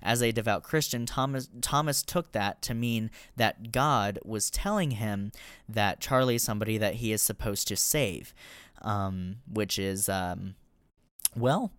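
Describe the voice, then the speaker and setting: Young male podcast host, casual film reviewer, low, smooth voice, frank and swears often, close dry mic. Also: measured pace, a bit bright, dry recording. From Colorado, raised in the US Deep South.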